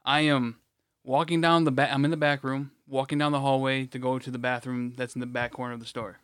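A man co-hosts a casual podcast, telling a story in a rambling, blunt way that is full of swearing. His voice sounds smooth and resonant, pitched in a middle range. The recording is dry, with almost no room sound. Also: little pitch movement, fairly quick, a bit bright, no echo. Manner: profane, blunt, rambling with restarts. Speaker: podcast co-host.

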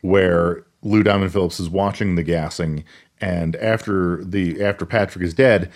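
A man's voice: sits low, steady tone, unhurried. A man co-hosting a casual podcast, walking through a film's plot in an easygoing way. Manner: easygoing plot narration with fillers. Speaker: podcast co-host. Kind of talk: casual movie recap chat.

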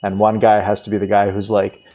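Deep-voiced guy guesting on a podcast, chill, lots of likes and ums. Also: a little fast. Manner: relaxed, filler-heavy, says "like" and "um" often. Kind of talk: casual interview chat.

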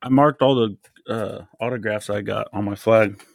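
A man's voice: on the low side, fairly even intonation, moderate pace, vocal fry, no echo. Easygoing man, dry close sound. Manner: easygoing, reads out lists, laughs easily. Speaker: podcast co-host. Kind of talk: casual chat.

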